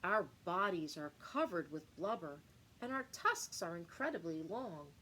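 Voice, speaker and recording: A woman's voice: on the low side, expressive, a little slow, sharp tone, a little hiss or hum, rough recording. A woman voicing grumpy walruses, reading a storybook aloud. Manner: grumbling.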